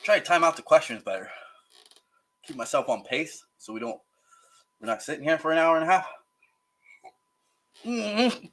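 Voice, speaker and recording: A man hosting a casual livestream while eating hot sauces, his mouth burning and eyes teary, gasping, sighing and groaning between slow remarks. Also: on the high side, animated, fairly bright tone. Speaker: livestream host.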